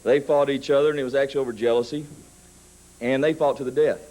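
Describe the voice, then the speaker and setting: A man in his thirties telling a story in a wrestling interview, building up to shouted threats. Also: mid-range voice, fairly even intonation, quick pace, rough recording. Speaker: wrestler cutting a promo.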